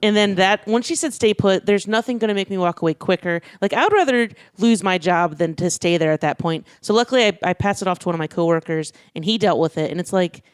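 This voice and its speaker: A man co-hosting a casual podcast, telling a quick, wry story about waiting tables. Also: high-pitched, lively intonation, clean tone, dry recording, studio quality. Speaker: podcast co-host, restaurant server.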